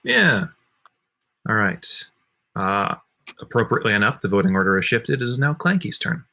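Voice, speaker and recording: A man with a bright, lowish voice hosts a casual gaming podcast panel. He moves the discussion along in a relaxed way and adds dry little asides. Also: normal speed, vocal fry. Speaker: podcast host.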